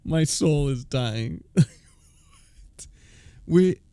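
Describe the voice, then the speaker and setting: A man's voice: mid-range voice, animated, unhurried, warm tone, no room sound, studio quality. Incredulous laughing streamer man. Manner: incredulous, laughs often, swears. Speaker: live streamer. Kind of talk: live stream reaction commentary.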